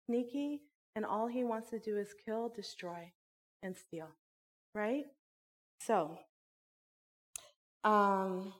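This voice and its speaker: A woman who runs a church school, teaching a sermon and telling a personal story with animated, laughing delivery. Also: mid-range voice. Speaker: Bible teacher and school director.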